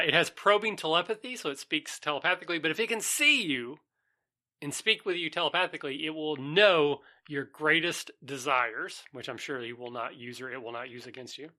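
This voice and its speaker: A man's voice: on the high side, bright, forceful tone. A man hosting a casual tabletop gaming podcast, chatting and reading out monster stats. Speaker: podcast host.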